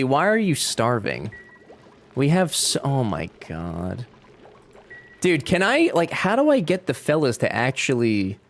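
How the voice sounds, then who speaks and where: A young man chatting casually while streaming a game, joking and reading chat aloud. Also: medium pitch. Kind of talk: casual gameplay livestream chat.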